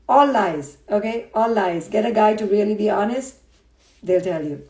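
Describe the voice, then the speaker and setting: Middle-aged woman, frank motivational speaker, blunt and emphatic, mid-pitched voice in a roomy, echoey space. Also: expressive, moderate pace, dark tone. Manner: emphatic and blunt, keeps checking in with "okay?" and "right?". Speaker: psychologist and speaker. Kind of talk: frank motivational live-stream talk. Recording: roomy echo.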